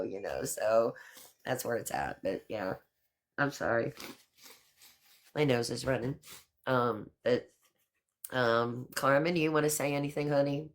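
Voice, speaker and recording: A middle-aged woman hosts a casual live stream, chatting warmly with her viewers and a friend. Her talk is loose and affectionate, full of "honey" and "girl.". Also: rumbling low, moderate pace.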